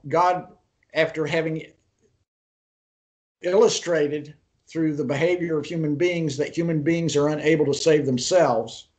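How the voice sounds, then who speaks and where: A man with a fairly high speaking voice leads an online Bible interpretation lesson. He retells the story at an easy pace, pausing and restarting his sentences, then turns to ask his students for their ideas. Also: darkish tone. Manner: unhurried storytelling, pauses and restarts mid-sentence; poses questions to the class. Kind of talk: online class lecture.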